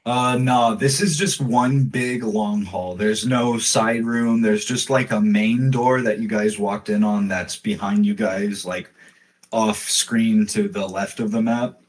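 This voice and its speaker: A man narrating as game master in a relaxed online tabletop session. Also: fairly low pitch, slow.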